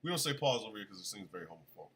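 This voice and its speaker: A man hosting a casual live radio show, chatty and animated, still congested from an illness. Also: fairly low pitch, racing. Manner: chatty, animated, shouts at his dogs. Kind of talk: casual livestream talk radio.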